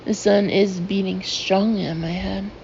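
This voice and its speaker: A woman reads a first-person novel aloud at an unhurried pace, her low, mellow voice edged with gravel. She leans into the heroine's feelings as she reads. The recording sounds a little dull, with a faint hiss underneath. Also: fairly even intonation. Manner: emotive, voicing the heroine's feelings. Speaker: audiobook narrator. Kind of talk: first-person audiobook narration.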